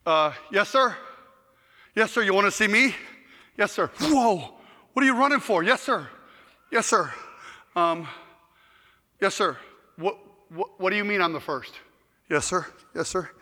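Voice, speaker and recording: A man's voice: sits high, measured pace, long pauses, heavily acted. A man playing a fervent repentant thief in an echoing hall. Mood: startled, humbled. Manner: animated, bursts into shouting and laughter. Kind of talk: one-man dramatic monologue. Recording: long hall reverb.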